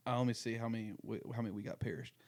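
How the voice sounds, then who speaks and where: Brief: young male podcast host of middle pitch, talking loosely and rambling through casual chat. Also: very fast, a little mellow. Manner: rambling, lots of fillers and restarts.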